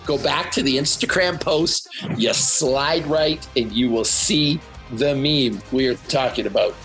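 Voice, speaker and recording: A man's voice: mid-range voice, unhurried, a bit bright, soft background music. A man hosting a podcast, teasing his co-host and often tripping over his words. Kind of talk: casual chat.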